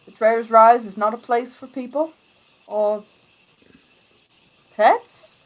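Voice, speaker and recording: A woman's voice: on the high side, slow pace, pitched above the performer's own voice, rough recording. A woman game master voicing a curt gate guard soldier who warns travellers off. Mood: stern. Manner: curt, warning.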